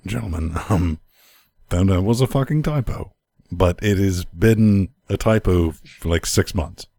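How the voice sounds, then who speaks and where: A man's voice: sits low, measured pace, gravelly, dark tone, no echo. A man co-hosting a gaming podcast, talking in profane, rambling, jokey banter. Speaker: podcast co-host.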